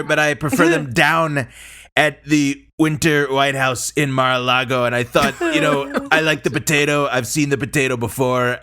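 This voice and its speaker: A man's voice: fairly high pitch, bright, forceful tone. A man doing a bragging older politician. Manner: slow, repetitive, bragging. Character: boastful older male politician, self-aggrandizing.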